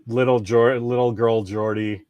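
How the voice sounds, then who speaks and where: Male podcast co-host, lively and swearing, dry close sound, middle pitch. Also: measured pace, smooth, no room sound, muffled recording. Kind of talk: casual chat.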